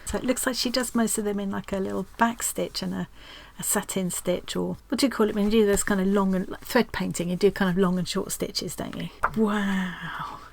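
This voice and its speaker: A woman hosting a craft channel, chatting casually and excitedly as she opens mail in her craft room. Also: mid-range voice, fast talker, creaky, a little hiss or hum. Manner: chatty and excitable, gasping and laughing often. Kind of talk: casual chat while unboxing mail.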